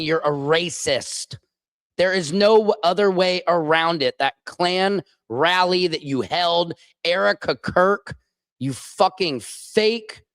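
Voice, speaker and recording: A man's voice: sits high, dry recording. A man who is a comedian and show host, delivering an angry, profane political rant full of repeated phrases. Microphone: streaming microphone.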